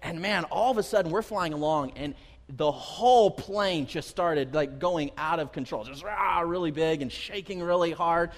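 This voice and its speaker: A man preaching a sermon as pastor, telling personal stories to his congregation in a lively, direct way, often repeating words as he goes. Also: fairly high pitch, moderate pace. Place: church sanctuary. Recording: long hall reverb.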